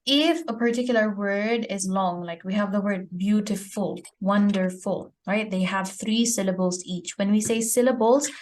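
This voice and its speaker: A woman's voice: medium pitch, moderate pace, hardly any pauses, a little mellow. A woman teacher giving a grammar lesson, explaining step by step and often checking her student's understanding with "okay?". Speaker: English teacher.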